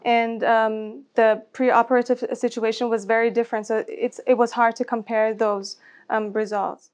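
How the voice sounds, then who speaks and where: A woman answering questions after a medical talk, measured, in slightly non-native phrasing. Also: a little high, flat delivery, darkish tone, highs cut off. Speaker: medical speaker.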